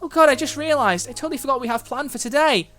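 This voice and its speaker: A man reading out the lines of a teenage girl in a visual novel, soft, tearful and full of self-blame. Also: very high voice, racing, pitched above the performer's own voice. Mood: flustered. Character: cheerful teenage girl, sobbing and apologetic.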